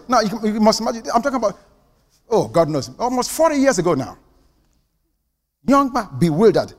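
An older male pastor preaching in a church with a high, animated voice. He drops to hushed asides and then bursts into loud punchlines. The sound carries a long reverb from the hall. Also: brisk, long pauses. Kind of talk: sermon.

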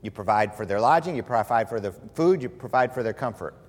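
A man preaching a sermon as a pastor, telling stories with humor and lively emphasis. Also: on the low side, fairly quick, long reverb tail. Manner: animated, humorous storytelling preacher.

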